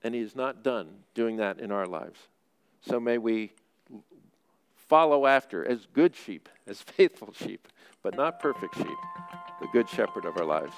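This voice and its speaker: A man's voice: fairly low pitch, lively intonation, measured pace, creaky, faint music behind. A male priest preaching a sermon in an earnest, conversational storytelling way.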